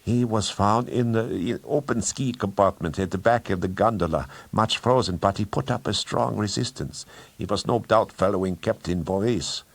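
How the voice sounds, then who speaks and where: A man's voice: fairly low pitch, moderate pace, creaky, breathy edge, dry recording. A man reading an audiobook, voicing a stiff guard giving a clipped, dutiful report. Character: stiff male guard reporting to his master.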